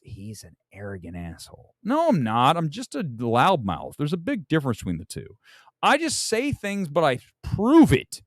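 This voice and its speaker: A man hosting a casual movie talk livestream, loud, profane and rambling. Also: on the high side, no room sound, clean studio sound. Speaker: movie talk show host.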